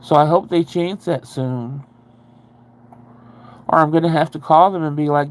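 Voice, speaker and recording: A woman's voice: deep voice, measured pace, pauses often. Rambling, chatty woman on a livestream. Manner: rambling and chatty, reads and answers viewer comments, swears casually. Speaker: livestream host. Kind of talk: casual livestream chat.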